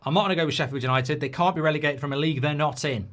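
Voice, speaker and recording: A man's voice: a little high, racing, fairly bright tone. A man giving football predictions in a rambling, jokey way, often interrupting himself. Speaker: football pundit. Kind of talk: casual football predictions chat.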